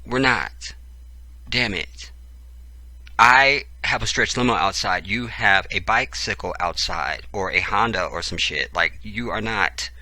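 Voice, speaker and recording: Forceful low-voiced man ranting. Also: no echo. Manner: profane, preachy asides between read passages. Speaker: channel host. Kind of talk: reading a book aloud with ranting commentary.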